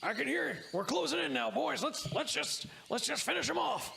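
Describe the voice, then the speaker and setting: A raised, eager voice rallies the boys to close in and finish their quarry, as a man puts on a gruff gang leader. It has a gravelly edge. Steady hiss sits behind it. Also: very high-pitched, brisk, pitched above the performer's own voice, exaggerated voice. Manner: eager, egging on his men. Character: rough male leader of a hunting gang. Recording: noisy background hiss.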